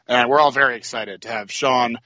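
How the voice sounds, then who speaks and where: A man's voice: mid-range voice, fairly even intonation, brisk, bright, forceful tone, no room sound, highs cut off. A man, a tournament organizer giving upbeat promotional hype in casual chat.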